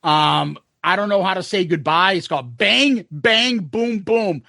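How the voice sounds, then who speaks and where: Casting: high-pitched male podcast co-host, rambling storyteller, dry close sound. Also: expressive, unhurried, vocal fry, bright, forceful tone, no echo. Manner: rambling storyteller, lots of swearing and quoted asides. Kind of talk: casual chat.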